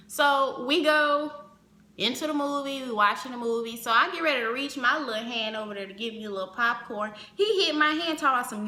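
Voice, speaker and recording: A woman telling a personal story in casual vlog fashion, animated, acting out the other people's lines as she goes. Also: high-pitched, brisk. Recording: roomy echo.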